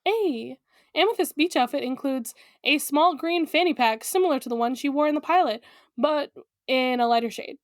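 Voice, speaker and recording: A chatty woman with a high, light voice co-hosts a cartoon recap podcast, rambling through fillers and quick giggles. Her voice sits close to the mic in a dry, dead room with no echo. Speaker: podcast co-host. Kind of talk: casual recap chat.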